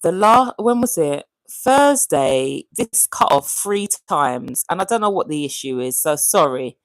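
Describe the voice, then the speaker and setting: A woman's voice: deep voice, animated, a little slow, no room sound. A woman hosting a casual livestream from home, chatting with viewers and reading their messages aloud, asking lots of friendly questions. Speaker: livestream host. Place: home room with a fan running. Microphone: desk microphone.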